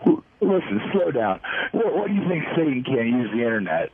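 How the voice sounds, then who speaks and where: A man's voice: mid-range voice, big pitch swings, a little fast, crowd noise. A man putting on a spacey stoned witch caller over the phone. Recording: tinny phone line.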